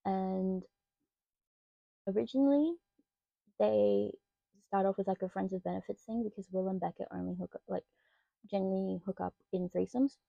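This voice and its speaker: A woman's voice: mid-range voice, gravelly, no echo, muffled recording. A young Australian woman reviewing books in a chatty, rambling way that slides into rants. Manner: chatty, rambling, quick to rant. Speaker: book vlogger. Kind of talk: casual book review chat.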